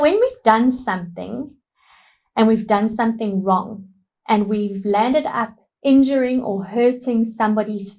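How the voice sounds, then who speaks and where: A woman teaching a lesson to young children, animated and emphatic in simple words. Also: a little high, rough recording.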